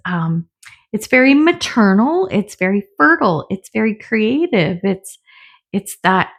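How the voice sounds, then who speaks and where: A middle-aged tarot reader with a medium-pitched, slightly breathy voice gives a casual reading. She's chatty, laughs often, swears now and then and acts out little voices.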